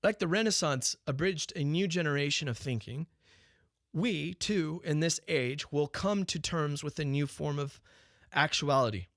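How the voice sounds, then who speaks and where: Swearing guy ranting on his talk show, kinda high voice, dry close sound, keeps asking questions and restarting. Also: a little slow, a bit bright, dry recording. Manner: profane, heated ranting; rhetorical questions, frequent restarts. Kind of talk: unscripted monologue.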